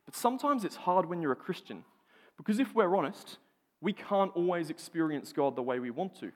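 Young Aussie preacher, lively storyteller who trips over his words, a touch high, in a big echoing hall. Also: fairly quick. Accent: Australian. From Australia. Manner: animated storytelling with frequent stammered restarts and laughs. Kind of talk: sermon with personal story. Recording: long hall reverb.

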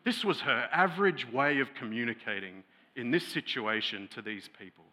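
A man's voice: mid-range voice, lively intonation, moderate pace. A man, a pastor, preaching a conversational sermon, telling stories with many fillers and restarts. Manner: storytelling, growing loud and heated when retelling an angry scene.

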